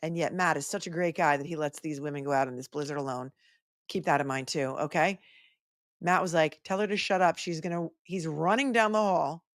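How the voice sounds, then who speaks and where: Woman, attorney commentator, sarcastic, low voice, dry close sound. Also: fairly quick, dry recording. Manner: sarcastic, animated asides. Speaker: attorney commentator hosting a livestream. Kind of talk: live trial commentary.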